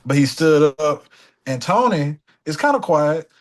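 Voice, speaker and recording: Young male guest musician, animated storyteller, voice sits a bit high, acts out the other people as he goes. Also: a little slow. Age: young adult. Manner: animated, slips into voices of the people in his stories. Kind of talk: casual storytelling in a sit-down conversation.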